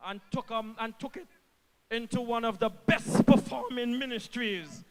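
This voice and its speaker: A man from Antigua and Barbuda, a government minister with an Antiguan accent, speaks a little slowly in an extremely high voice inside a large hall. His rally speech is impassioned, with repeated lines for emphasis and swings from quiet to shouting.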